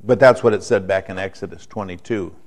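A man preaching a sermon in a conversational way, often checking in with the room and moving between quiet explanation and emphatic points. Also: low voice, a little fast. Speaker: pastor.

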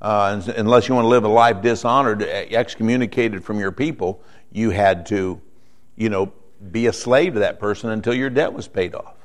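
A man preaching a sermon in a conversational way, often checking in with the room and moving between quiet explanation and emphatic points. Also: lowish voice, moderate pace. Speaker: pastor.

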